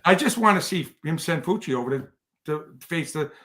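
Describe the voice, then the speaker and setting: A man's voice: fairly high pitch, expressive, normal speed, bright, forceful tone. A man, a podcast guest telling stories in casual chat, rambling with many restarts. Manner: rambling, restarts often, bursts into laughter.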